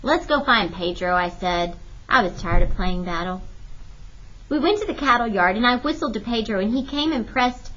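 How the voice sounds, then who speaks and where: A woman narrating a children's historical novel in steady, clear audiobook storytelling. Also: fairly high pitch, moderate pace. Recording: dull lo-fi recording.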